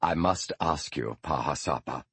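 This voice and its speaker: A man reading the part of Sherlock Holmes, an earnest, shaken detective who asks halting, urgent questions. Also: a bass voice, fairly bright tone, breathy edge, no echo, heavily acted.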